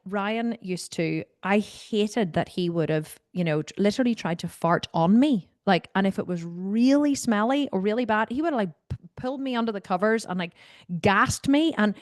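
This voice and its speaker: A woman's voice: mid-range voice, moderate pace, darkish tone, no echo, studio quality. A woman hosting a live video Q&A, telling a story in a candid, blunt way and swearing freely. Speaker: host. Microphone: video call mic.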